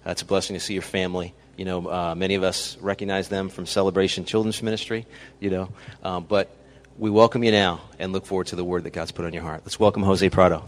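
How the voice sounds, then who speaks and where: A man with a Massachusetts accent, a pastor introducing a guest speaker in a relaxed, casual way with fillers, in a church. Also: low voice, fast, a little hiss or hum.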